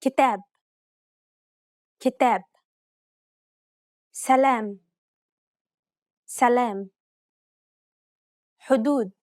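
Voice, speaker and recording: Slow, careful woman modeling words. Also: on the high side, a little mellow, no room sound, studio quality. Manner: careful, deliberate articulation. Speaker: native speaker model for pronunciation. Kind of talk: slow repeated word examples.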